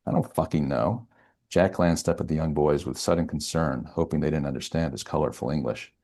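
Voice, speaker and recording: A male novelist reads his own thriller aloud in a steady, measured way. His voice sits extremely low, with a gravelly creak and a husky, rough edge.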